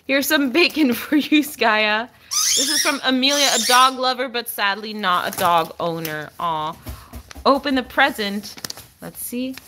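A young woman hosts a casual livestream, cooing at her dog and encouraging it, her voice swinging up high whenever she praises it. She speaks unhurriedly, with background noise in the clip.

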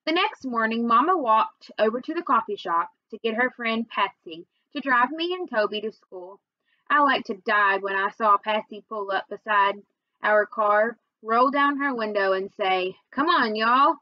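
Woman reader, expressive first-person storytelling, slightly high voice, muffled dry recording. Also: moderate pace, dry recording. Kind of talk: reading a children's novel aloud.

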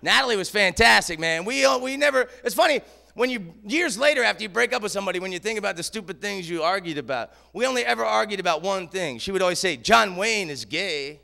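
A man's voice: sits high, expressive, fast talker, vocal fry, sharp tone. A man telling stand-up stories from a theater stage, loose and rambling, tacking "man" onto his lines. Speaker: comedian. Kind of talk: stand-up storytelling.

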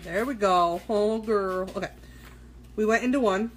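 In a very relaxed live-streamed makeup session picked up by a phone or webcam, a woman with a mid-range voice talks unhurriedly to viewers while working. She's chatty and loose, throwing in an occasional curse, against a noisy background.

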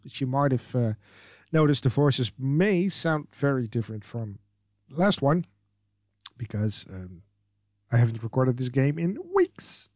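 A man's voice: medium pitch, animated, a little slow, no room sound, studio quality. A man hosting a casual let's play, chatting and reading along with lots of fillers and laughs. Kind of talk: casual game commentary and reading.

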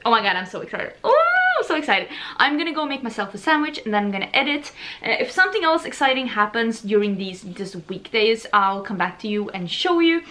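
A young woman from Sweden chatting excitedly as she unboxes beauty products for her vlog, gushing and chatty. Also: fairly high pitch, a little fast, a little hiss or hum. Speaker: beauty vlogger.

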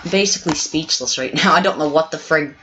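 A woman narrates her own game session in a let's play, excitable and quick to exclaim or curse. Her voice is bright and sharp-edged. A faint hiss sits under the recording. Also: low voice, rough recording. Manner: excitable, exclaiming, swears often. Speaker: gameplay video host. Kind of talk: let's play gameplay commentary.

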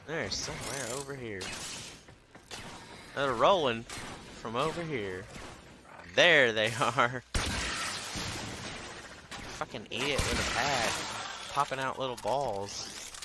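A man ranting and swearing through profane gameplay commentary, often shouting a catchphrase. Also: medium pitch, takes it slowly, long pauses, music in the background. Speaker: gameplay streamer. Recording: loud game noise underneath.

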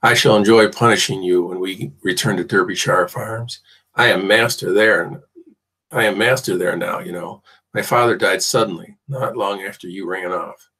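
A cruel young slaveholder from a storybook drawls his threats in a low, husky voice, mocking and possessive. He sounds calm and ominous rather than loud, as a man narrating the book voices him. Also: normal speed, full character voice. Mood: menacing drawl.

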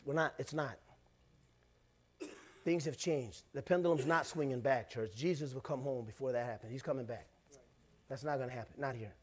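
A middle-aged man, the pastor, preaching a sermon in a conversational way, swinging between loud bursts and hushed asides. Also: mid-range voice, moderate pace, long pauses.

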